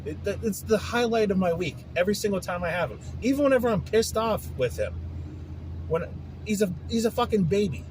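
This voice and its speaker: A man's voice: high voice, expressive, brisk, a little mellow, slight background noise, poor audio. A man hosting his own podcast, venting in a frustrated, profane casual rant. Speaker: podcast host. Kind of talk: casual ranting monologue.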